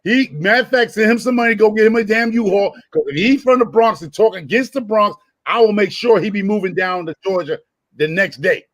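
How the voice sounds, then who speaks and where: A man bantering and teasing on a casual live stream, brash and quick to shout. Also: sits high, no echo, muffled recording. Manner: brash, teasing, loud bursts of laughter.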